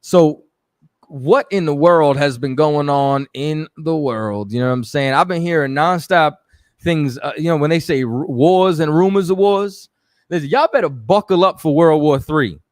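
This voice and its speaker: A man's voice: fairly high pitch, moderate pace, dry recording, studio quality. Easygoing New man hosting a show. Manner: loose and conversational, shouting out viewers. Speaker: radio show host. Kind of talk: casual live-stream talk.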